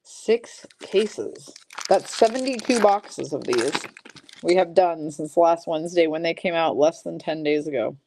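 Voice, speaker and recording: A woman hosting a live-streamed trading card break, briskly calling out each pull and teasing her chat viewers. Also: low-pitched, lively intonation, dark tone.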